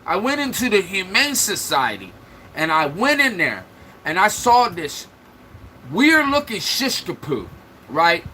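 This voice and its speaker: Mocking his commenters in playful trash talk, this livestreamer speaks unhurriedly in a high, bright, forceful voice that swings hugely in pitch. The recording is rough, with slight background noise.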